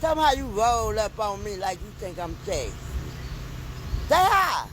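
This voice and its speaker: A woman's voice: medium pitch, expressive, brisk, poor audio. A woman talking emphatically to her viewers in a casual reaction vlog, recorded on a phone as she walks outdoors by a road. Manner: talkative, emphatic, addressing viewers directly. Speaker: vlogger. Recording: loud outdoor noise, passing vehicles. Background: loud traffic and outdoor noise.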